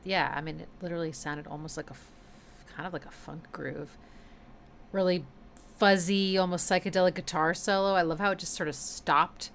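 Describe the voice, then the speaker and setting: A woman's voice: sits low, a little hiss or hum. A woman hosting a music listening stream, musing casually about songs with many fillers. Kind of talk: casual reaction commentary.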